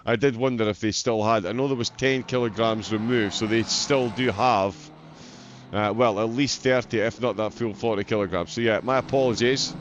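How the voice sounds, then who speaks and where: A man's voice: lowish voice, steady tone, normal speed. A man with a Scottish accent giving live sim-racing commentary as the stream host, chatty, with lots of uh fillers. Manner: chatty, frequent uh fillers, self-deprecating. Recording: dull lo-fi audio with loud race car noise.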